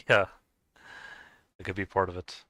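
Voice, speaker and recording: A man's voice: low-pitched, a little slow, sharp tone, no echo. A man chatting casually while he plays a game, hesitant, with many filler sounds and restarts. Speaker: gaming video host.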